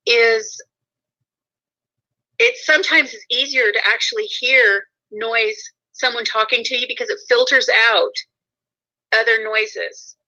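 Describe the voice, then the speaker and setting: A woman hosts a casual talk show, rambling a little, correcting herself as she goes, and laughing often. Her voice is on the high side, pushed and bright, and the recording sounds muffled and lo-fi.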